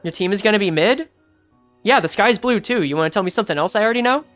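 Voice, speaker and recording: A woman streaming a game, chatting casually with excitable, rambling talk and frequent swearing. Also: mid-range voice, fast, soft background music. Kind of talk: casual live-stream commentary.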